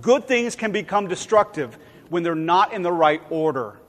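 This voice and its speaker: Guy giving a chatty sermon, kinda high voice, lots of hall echo. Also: expressive, moderate pace. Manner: conversational, acts out quoted voices. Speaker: pastor. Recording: long hall reverb.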